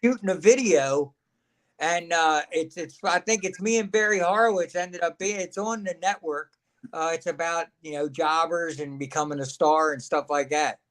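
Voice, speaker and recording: A man's voice: a little high, normal speed, fairly bright tone. A man, a guest telling stories in a folksy, laughing way. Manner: folksy, laughs often, acts out quotes. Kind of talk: casual storytelling chat.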